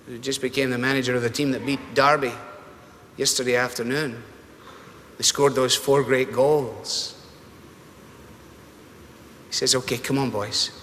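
Man preaching, bright voice, animated storytelling, long hall reverb. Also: slight background noise. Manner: storytelling, animated, shifts pitch for quoted voices. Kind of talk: sermon.

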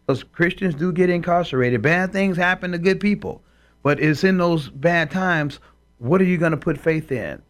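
On a faith-based talk show, this co-host speaks at a normal speed in a fairly high voice. His manner is emphatic and preacherly, and he quotes scripture.

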